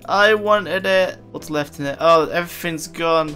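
A young man giving casual commentary over his own gameplay, excitable and chatty, often gasping and laughing as he talks to viewers. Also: on the high side, unhurried. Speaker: gaming video creator. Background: faint background music.

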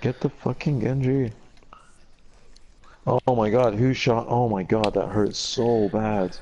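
A man from Canada chatting casually with friends while gaming, excitable and swearing a lot. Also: medium pitch, takes it slowly, dull audio, a little hiss or hum. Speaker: gamer.

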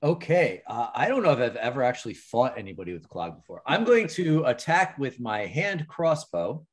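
A man's voice: medium pitch, very animated, normal speed, slightly rough. Easygoing male player, mid-range voice, self-deprecating humor. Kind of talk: casual tabletop play.

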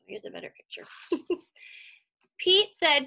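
A woman reading a picture book aloud to children, animated and stopping to ask them questions. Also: fairly high pitch, unhurried, gravelly, long pauses, breathy edge. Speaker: children's story reader.

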